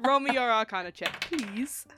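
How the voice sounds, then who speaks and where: A woman's voice: on the high side, expressive, normal speed, background noise. A woman running a tabletop game as game master, laughing often as she narrates.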